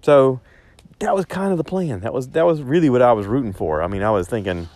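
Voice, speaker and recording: A man's voice: medium pitch, brisk, a little mellow, no echo. A man telling a rambling story in a casual spoken diary, correcting himself as he goes and talking into a phone. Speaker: vlogger.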